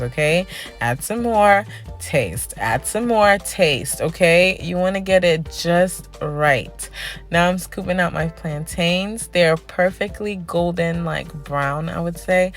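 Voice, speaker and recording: Low-voiced chatty woman cooking vlogger. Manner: chatty, tags lines with "okay?" and "honey". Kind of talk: casual cooking voice-over.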